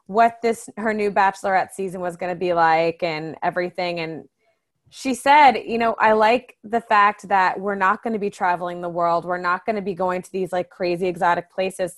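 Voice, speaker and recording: A young woman co-hosting a podcast in casual chat, talking loosely with lots of fillers. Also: medium pitch. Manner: chatty, many fillers. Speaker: podcast co-host.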